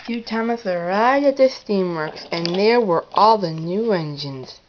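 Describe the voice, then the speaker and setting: Slow-talking woman narrating a toy story. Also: mid-range voice, animated, dull audio, background noise. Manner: casual asides, self-corrections.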